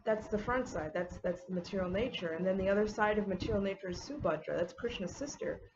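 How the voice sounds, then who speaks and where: A woman's voice: mid-range voice, fast talker, noisy background. A young woman talking casually to camera as a vlogger, chatty and full of "like"s and "um"s. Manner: chatty, many "like"s and "um"s. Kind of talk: casual get-ready-with-me talk. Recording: slightly dull audio with faint ambience.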